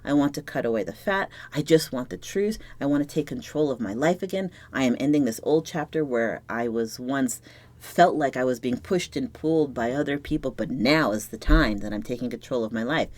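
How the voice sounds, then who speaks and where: A woman giving a solo tarot reading to camera, talking softly and reflectively, sometimes dropping to a near-whisper as she searches for words and sounds moved. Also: a bass voice, fairly quick. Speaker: tarot reader.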